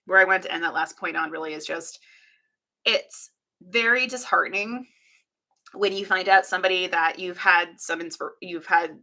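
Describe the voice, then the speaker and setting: A woman's voice: lowish voice, moderate pace, bright, forceful tone. A woman chatting casually on a live stream, talking to her chat with frequent laughs and sarcastic, self-deprecating asides.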